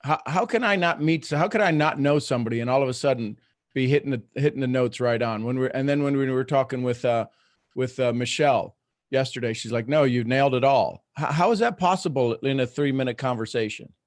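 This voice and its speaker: Speaking briskly in a mid-range voice, a middle-aged man hosts a live online coaching session. He is earnest yet restarts often while laying out his points. The audio is studio quality, with no room sound.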